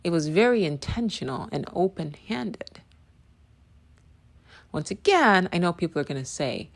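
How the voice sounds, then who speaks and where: A woman's voice: fairly low pitch, lively intonation, measured pace. A woman giving a blunt, profane opinion monologue, often tossing in a rhetorical "right?". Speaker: commentator. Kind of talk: direct-to-camera opinion monologue. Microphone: video call.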